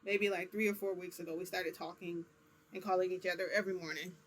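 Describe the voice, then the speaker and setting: Woman vlogger, rambling casual storytelling, lots of fillers, animated and confiding. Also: on the low side, fast. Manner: rambling, chatty, many fillers.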